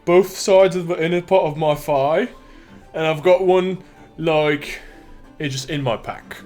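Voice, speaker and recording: Man, young adult, tabletop player, rambling jokes, higher voice, soft music behind. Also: a little slow. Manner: joking, rambling. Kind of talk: casual chat at a game table.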